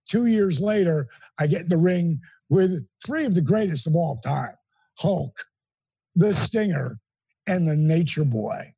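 A middle-aged man, an interview guest, telling a personal story in an animated, emphatic way with blunt language. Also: on the high side, measured pace, slightly rough, dry recording, rough recording.

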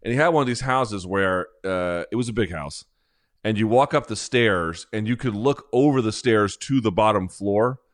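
A man with a fairly low voice hosts a casual talk show. He rambles along, sarcastic and self-mocking, with a comedic bent. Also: moderate pace. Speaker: podcast host.

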